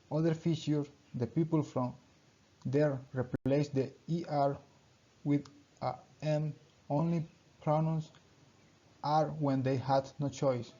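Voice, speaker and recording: A young man giving a class presentation, reading in short halting phrases with small grammar slips. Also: fairly high pitch, mellow. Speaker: student presenter. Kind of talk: class presentation read aloud. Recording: dull lo-fi recording.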